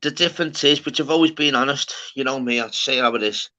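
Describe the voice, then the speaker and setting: A man's voice: mid-range voice, fast, pushed and bright, muffled recording. A man hosting a casual livestream chat, brash and sweary, calling everyone "lad". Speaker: livestream host.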